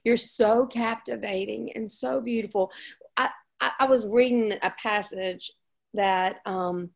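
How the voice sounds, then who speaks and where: A woman hosting a casual Christian women's ministry chat, effusive and encouraging, with rambling restarts and warm laughs. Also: mid-range voice, measured pace, vocal fry.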